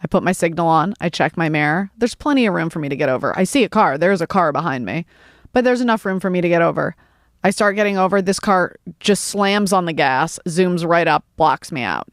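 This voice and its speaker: A woman comedian chatting as a podcast guest, telling an animated, profane story. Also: on the low side, a little fast, no echo, studio quality. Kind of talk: casual podcast chat.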